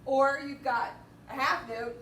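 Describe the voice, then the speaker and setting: A woman teaching a band lesson, counting beats out loud and singing the rhythms as she walks through the parts. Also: high-pitched, moderate pace. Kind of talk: music lesson walkthrough. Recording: roomy, distant mic, faint noise.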